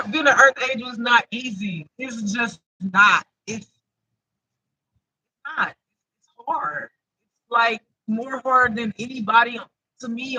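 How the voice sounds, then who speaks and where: Bright, dry-voiced woman giving a spiritual reading. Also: fairly high pitch, husky, no echo, poor audio. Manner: emphatic, swings into loud outbursts with laughter. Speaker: intuitive spiritual reader. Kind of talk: casual spiritual reading to camera.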